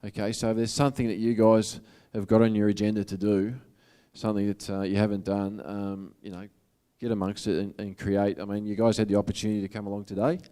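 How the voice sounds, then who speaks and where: A man with an Australian accent speaks as a motivational speaker in a casual, earnest way. His voice sits fairly low and sounds smooth and resonant. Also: little pitch movement, fast talker, hardly any pauses, warm tone. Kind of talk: public talk to an audience.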